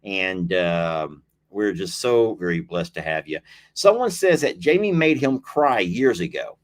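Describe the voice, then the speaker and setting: A man's voice: low-pitched, big pitch swings, a little slow. A man hosting a casual livestream, chatting, reading viewer comments aloud, laughing often and teasing. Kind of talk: casual live-stream chat.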